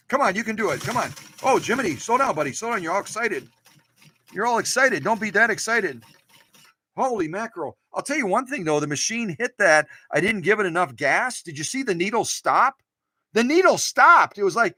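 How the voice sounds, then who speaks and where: A man's voice: high voice, very animated, moderate pace, bright, forceful tone, no echo. A man hosting a casual sewing machine demonstration in a workshop, playful and jokey, cheering on his machine and camera. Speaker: host restoring and demonstrating vintage sewing machines. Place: home workshop.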